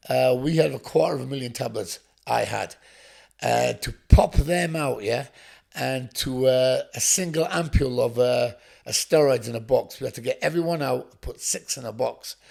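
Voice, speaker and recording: A man's voice: medium pitch, normal speed, creaky, darkish tone. A man from England, a podcast guest, telling his story bluntly, swearing often and acting out what people said. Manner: blunt, swearing, acts out dialogue. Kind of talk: storytelling interview.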